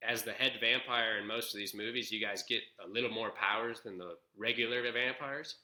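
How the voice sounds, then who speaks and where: Bright-voiced man in a roomy echo. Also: fairly low pitch, fairly quick. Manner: animated storyteller, acts out lines. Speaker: podcast co-host. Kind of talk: casual movie review chat.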